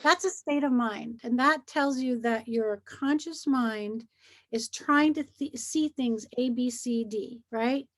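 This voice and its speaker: High-voiced earnest middle-aged woman. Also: slow. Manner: earnest, animated, acts out feelings while explaining. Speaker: guest, hypnosis practitioner. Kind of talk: casual conversation.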